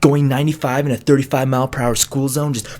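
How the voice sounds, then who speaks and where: A man's voice: mid-range voice, fast talker. A young man, a college student, casually telling a funny story to camera, laughing and acting out voices. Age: young adult. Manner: animated, laughing, acts out voices. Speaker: vlogger.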